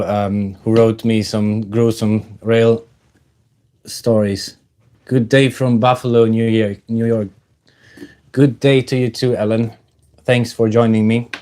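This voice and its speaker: Guy livestreaming, slow and halting, lower voice, lots of uh and um. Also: mellow. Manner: halting, many fillers, greets chat viewers. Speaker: livestream host. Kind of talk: casual livestream chat.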